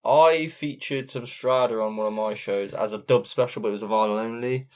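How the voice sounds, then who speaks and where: A man's voice: mid-range voice, darkish tone. A man co-hosting a podcast as a DJ, chatting casually in a jokey, enthusiastic way. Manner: jokey, enthusiastic, quick to laugh. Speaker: podcast co-host and DJ. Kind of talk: casual chat.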